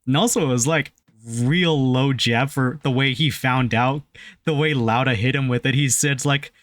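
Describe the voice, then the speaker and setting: A man's voice: mid-range voice, moderate pace, no room sound. A man co-hosting a podcast, casually reviewing a film and acting out lines from its scenes. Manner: animated retelling, acts out quotes from scenes. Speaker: podcast co-host. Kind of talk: casual movie review chat.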